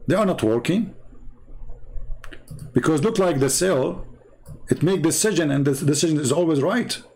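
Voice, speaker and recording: An online commentator from the Arab Middle East delivers a sarcastic monologue to camera, mocking and emphatic and packed with rhetorical questions. His voice is on the high side and darkish in tone, with lively intonation at a moderate pace.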